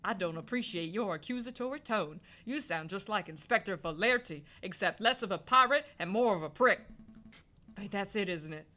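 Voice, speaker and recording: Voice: mid-range voice, expressive, normal speed, sharp tone. A player doing a snappy falcon lawyer. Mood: indignant. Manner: indignant, snappy. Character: hot-tempered male falcon lawyer.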